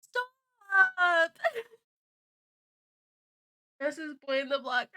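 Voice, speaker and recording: A woman's voice: high-pitched, slow, very noisy. A woman streaming a game live, chatting casually with her viewers in a giggly, flustered way and laughing often.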